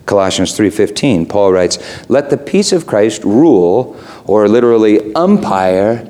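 A middle-aged pastor delivers a sermon with a lively, bouncing delivery. His pitch jumps around as he moves between hushed asides and excited emphasis, and his tone stays playful and conversational. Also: a little slow. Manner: animated, playful, swings from low asides to high excited emphasis.

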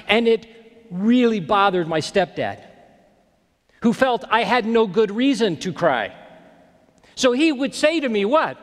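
A male pastor preaching a sermon in a reflective way, often dropping to a near-hush on key phrases. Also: high voice. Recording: long reverb of a large hall.

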